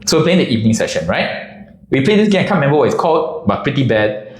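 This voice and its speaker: A man telling a comic story in a casual, animated way. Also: mid-range voice, fast talker, reverberant, poor audio. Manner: animated, drops into character voices.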